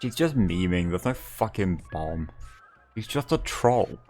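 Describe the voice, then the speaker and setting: A man's voice: low-pitched, lively intonation, measured pace, a little mellow, soft background music. A young man streaming a game, chatting casually, joking and swearing freely. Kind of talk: casual gameplay commentary.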